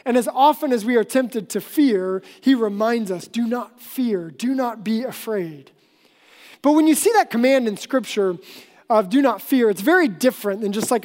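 A woman's voice: fairly high pitch, darkish tone. Woman preaching in a reverberant hall. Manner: earnest, explanatory preaching with emphatic slowdowns. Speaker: pastor. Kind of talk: sermon.

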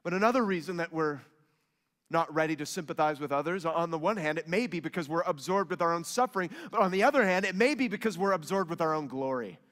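A man preaching a sermon, swinging from loud emphatic rises to soft hushed lines. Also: on the high side, lively intonation, fast. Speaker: pastor. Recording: long hall reverb.

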